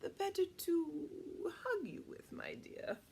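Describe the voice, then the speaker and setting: A woman's voice: very high-pitched, animated, slow pace, vocal fry, a little mellow, a little hiss or hum, voice pushed up, full character voice. A woman voicing a sly, greedy male wolf in a storybook read aloud, talking sweetly and gloating.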